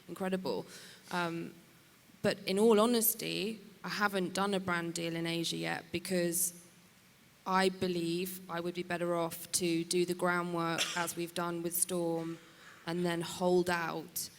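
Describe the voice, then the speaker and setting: A woman artist manager speaking frankly and emphatically on a conference panel. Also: fairly low pitch. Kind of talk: panel discussion. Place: conference stage in a large hall. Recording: hall reverb, faint noise.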